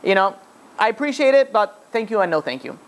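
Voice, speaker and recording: A man's voice: high-pitched, animated, a little fast, pitched above the performer's own voice. A man voicing a wealthy man who politely but firmly refuses payment.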